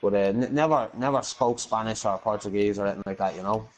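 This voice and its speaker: A man's voice: fairly low pitch, fast talker. A man with a Dublin Irish accent telling a rambling, sweary story in casual voice chat, full of fillers like "you know". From Ireland.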